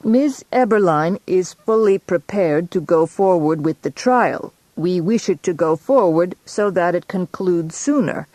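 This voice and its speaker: A woman's voice: lowish voice, lively intonation, unhurried, hardly any pauses, darkish tone, dry recording. A woman reading an audiobook, voicing a distant, formal male doctor who speaks in a stilted accent. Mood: cold, formal. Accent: foreign, stilted. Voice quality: stiff and formal.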